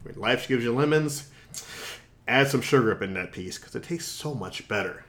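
A man's voice: medium pitch, animated, moderate pace, a bit bright, natural voice. A man playing a boastful male fox who hosts a podcast, rambling through a comedic improvised monologue full of self-mocking jokes and asides. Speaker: podcast host.

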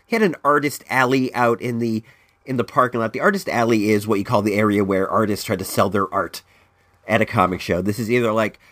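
A man's voice: brisk, fairly bright tone, no room sound, studio quality. A stuffed-up man hosting a casual solo show, rambling and repeating himself, calling in from California. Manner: rambling, repeats words, swings high and low. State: stuffed-up nose from allergies. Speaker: podcast host. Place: at home in California.

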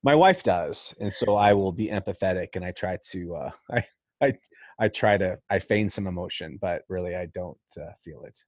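A man's voice: low-pitched, lively intonation, normal speed, no echo. A man hosting a podcast in casual chat, playful and self-mocking, now and then putting on silly voices. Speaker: podcast host.

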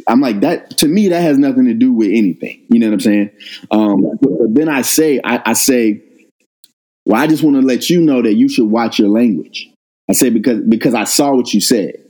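A middle-aged man, a guest on an interview, telling a personal story in a casual, animated way and jumping up in pitch when he quotes himself. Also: a little fast, rough recording. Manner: animated retelling, rises sharply when quoting himself. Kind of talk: conversational storytelling.

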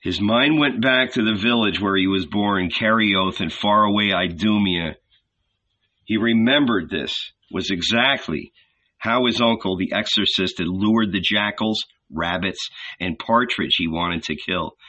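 A man reading a novel aloud as narrator, in a measured, dramatic storytelling manner. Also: fairly low pitch, pushed and bright, lo-fi sound. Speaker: audiobook narrator. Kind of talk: scripted narration.

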